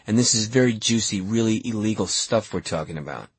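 A man voicing a calm, scheming adolescent boy who speaks slowly and in a hushed, conspiratorial way. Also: on the low side, slightly rough, no room sound.

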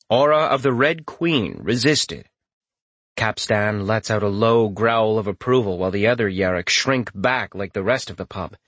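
A man narrating a first-person fantasy story with a steady, even storytelling delivery. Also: on the low side, no echo. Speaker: audiobook narrator.

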